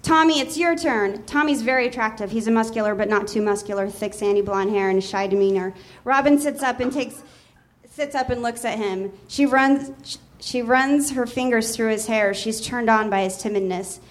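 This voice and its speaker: A woman's voice: on the high side, normal speed. A woman comedian on a small theater stage, reading her comic story aloud and often laughing at her own lines.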